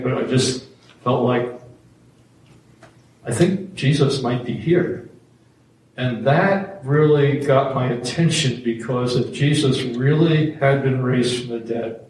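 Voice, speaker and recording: A man tells his own story in an easygoing, self-deprecating way, full of fillers. He sounds far from the mic in a very echoey room, with faint ambience behind him. His pitch sits in an ordinary middle range. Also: darkish tone, a little hiss or hum. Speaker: speaker giving testimony. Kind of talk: personal faith testimony.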